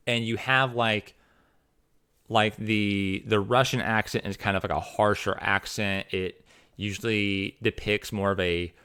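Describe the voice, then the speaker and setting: Rambling man, low voice. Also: fairly bright tone, clear, resonant tone. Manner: rambling, many restarts and fillers. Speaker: fantasy author. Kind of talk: casual opinion monologue.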